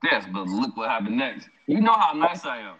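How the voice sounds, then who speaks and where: A young man casually telling an animated, slangy story about a night out, laughing often. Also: mid-range voice, a little fast, crowd noise. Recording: dull lo-fi sound.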